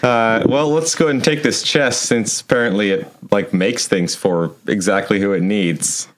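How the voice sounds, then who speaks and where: Male player, fairly low voice, wry, skeptical. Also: moderate pace. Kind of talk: casual game play chat.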